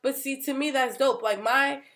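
A woman's voice: high voice, fairly even intonation, normal speed, a bit bright. A woman from New Jersey talking candidly and emphatically in a casual podcast chat, speaking in long runs as a mother.

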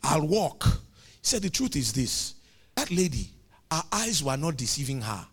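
A man preaching a sermon, retelling stories with acted dialogue and building to shouted, emphatic climaxes. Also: a little high, very animated, unhurried, slightly rough.

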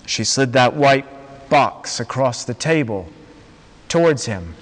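A man preaching a sermon, telling a story slowly and dramatically with long pauses. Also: medium pitch, animated. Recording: long reverb of a large hall.

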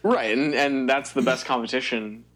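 A man's voice: mid-range voice, fairly even intonation, moderate pace, fairly bright tone. A young man co-hosting a podcast, giving rambling opinions with frequent fillers and restarts. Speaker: podcast co-host. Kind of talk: casual chat.

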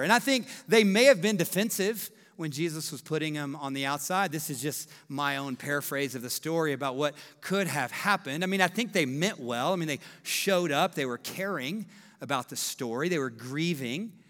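A man in his thirties preaches with a high, bright, ringing voice. He is emphatic and animated, and he acts out the quotes. A long hall reverb trails his words. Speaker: pastor. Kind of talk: sermon.

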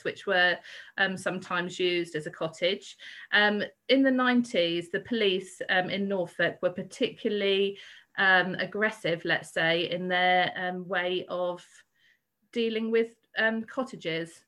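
A woman guiding listeners through a city walk in a podcast, with a voice of middling pitch. She speaks in an easygoing, conversational way, often pausing on "um" and restarting her sentences. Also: sharp tone, poor audio. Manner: conversational, with frequent ums and self-corrections. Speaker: podcast co-host and tour guide. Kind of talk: casual walking-tour podcast chat.

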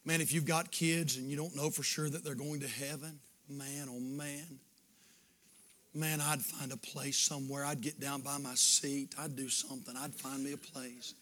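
A man pastor, preaching a sermon that swings from shouted fervor to hushed pleading in an altar call. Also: medium pitch, flat delivery, moderate pace, slight background noise.

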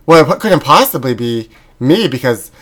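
A man's voice: medium pitch, big pitch swings, moderate pace, a bit bright, rough recording. A man co-hosting a comedy podcast, talking in a campy, dramatic, sassy way. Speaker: podcast co-host. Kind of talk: comedic podcast banter and sketch.

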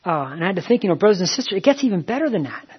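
Middle-aged male pastor, husky voice, sermon delivery, repetitive phrasing, slightly dull recording. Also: sits high, very animated, very fast. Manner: repeats phrases, many "you know" fillers.

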